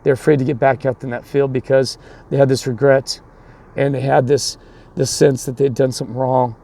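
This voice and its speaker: A youth baseball coach rambles through a long story, repeating himself, restarting often and voicing the other people in it, before turning it into a sermon. His mid-range voice is creaky and mellow, with little pitch movement and a normal speed.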